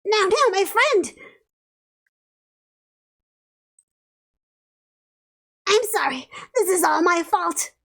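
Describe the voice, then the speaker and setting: A woman's voice: extremely high pitch, expressive, unhurried, vocal fry, fairly bright tone, pitched above the performer's own voice, heavily acted. A woman voicing a timid, tearful young female creature who stammers and pleads, cold-reading a visual novel. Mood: flustered.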